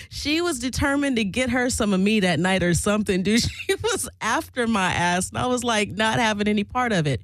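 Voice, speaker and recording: A woman tells a wild personal story in a loose, chatty way, packing it with fillers and swearing. She sounds animated and unfiltered, and her voice is close and dry with no room sound. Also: fairly high pitch, normal speed, dry recording, rough recording. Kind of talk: casual storytelling.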